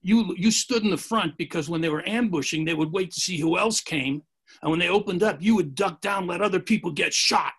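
A man voicing a brash young male ex-boxer, loud and confrontational. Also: high voice, a little fast, slightly rough, pitched above the performer's own voice, heavily acted. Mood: accusing.

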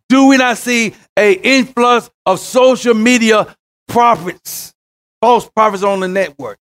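Man, pastor, high voice, sermon, shouting then hushed. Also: unhurried. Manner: preaching with rising shouts and sudden quiet drops.

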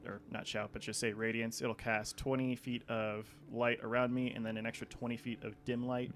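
A man playing a tabletop game, explaining his character's actions in a hesitant way with many pauses. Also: mid-range voice, little pitch movement, a bit bright, soft background music. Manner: hesitant, many ums and restarts. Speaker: player. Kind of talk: casual chat in a tabletop game.

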